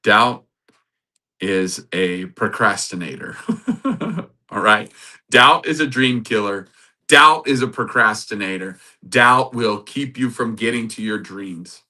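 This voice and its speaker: A man hosting a podcast, giving a sermon-like Bible talk, animated and laughing often. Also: lowish voice, slow. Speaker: podcast host.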